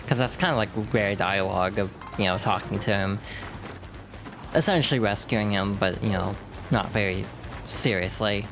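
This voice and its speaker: A woman streamer chatting casually over gameplay, self-deprecating and relaxed. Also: very deep voice, moderate pace, music in the background. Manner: chatty, self-deprecating, reads game text aloud.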